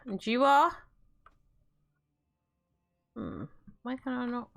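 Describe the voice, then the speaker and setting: A woman's voice: on the high side, big pitch swings, slow, gravelly. A woman chatting casually while playing a game, telling stories and laughing often. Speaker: game streamer. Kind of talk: casual gameplay chat.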